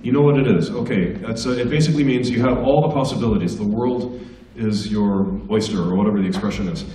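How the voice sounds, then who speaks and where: Quick and mellow with a lowish voice, a U.S. stand-up comic tells jokes and anecdotes in a casual talk to students at a school assembly. The recording from the school hall is echoey, distant and low quality.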